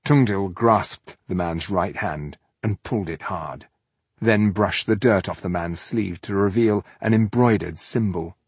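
A man narrating an audiobook in an expressive storytelling manner. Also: low voice, measured pace, breathy edge, no echo. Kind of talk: scripted narration.

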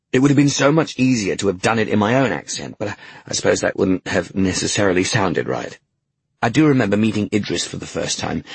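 A man's voice: on the low side, slightly rough, dry recording. An English man recalling his work in a frank, wry interview manner, swearing casually. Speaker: actor interviewee. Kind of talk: candid interview recollection.

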